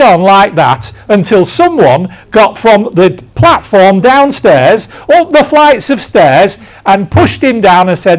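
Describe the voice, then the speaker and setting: An older English man giving a chatty sermon in a church, his voice riding high for a man and swinging widely in pitch. He tells stories with emphatic, self-deprecating asides. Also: very animated, unhurried, few pauses. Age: 60s. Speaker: preacher. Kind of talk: conversational sermon.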